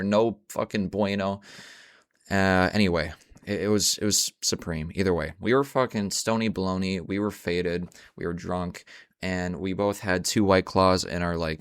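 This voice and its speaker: A young man with a very low voice tells a loose storytime monologue from home, rambling and swearing freely, leaning on slang and fillers. The sound is dry and close, with little room around it. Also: a bit bright, smooth, dry recording.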